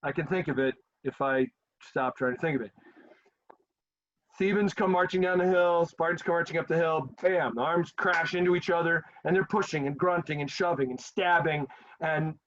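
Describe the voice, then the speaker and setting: A man teaching history, telling the story casually and acting out quotes with lively, animated delivery. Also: fairly high pitch, normal speed. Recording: dull lo-fi sound.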